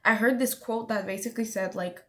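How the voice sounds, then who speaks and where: A woman's voice: medium pitch, steady tone, a little fast, fairly bright tone. A woman vlogger giving an emphatic motivational pep talk to camera, repeating her points and calling the listener honey.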